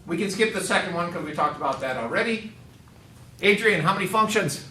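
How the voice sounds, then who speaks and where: A man's voice: sits high, expressive, brisk, pushed and bright, a little hiss or hum. A male math teacher lecturing a class, quizzing students with upbeat joking asides. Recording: echoey classroom, mic far off.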